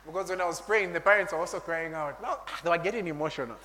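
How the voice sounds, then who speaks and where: A man preaching a sermon, animated, laughing often and breaking into shouts and tongues. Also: a little high, fast. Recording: long hall reverb.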